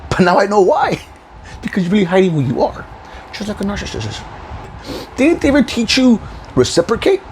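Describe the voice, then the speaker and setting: A man's voice: sits high, sing-song, fairly quick, pauses often, a little mellow, a little hiss or hum, poor audio. Heated, swearing man ranting on his vlog. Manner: profane, heated, confrontational, with frequent laughs. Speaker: YouTube channel host.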